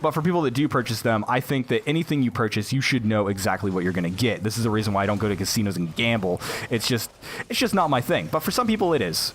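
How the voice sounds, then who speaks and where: A man's voice: lowish voice, expressive, fast talker, a bit bright, slight background noise. A young American man chatting casually about a game while playing it in the background, rambling with fillers and asides. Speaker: gaming YouTuber. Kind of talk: casual commentary over gameplay.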